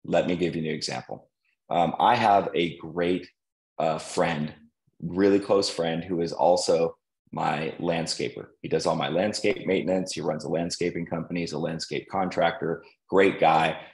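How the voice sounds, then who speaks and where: A man who coaches loan officers, giving an energetic motivational sales talk and acting out quotes. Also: low-pitched, normal speed, creaky, rough recording. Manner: energetic, acts out quoted voices.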